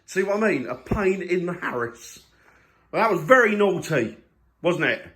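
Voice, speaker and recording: A man's voice: high voice, very animated, moderate pace, a bit bright. Family-man vlogger, playful ribbing, bouncy intonation. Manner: teasing, playful banter. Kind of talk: casual home vlog. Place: family home.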